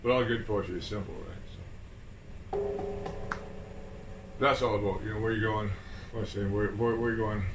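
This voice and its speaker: A man's voice: fairly low pitch, fairly even intonation, moderate pace, long pauses. A man chatting casually in a rambling way, repeating himself and swearing now and then. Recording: roomy and distant with air-conditioner hum.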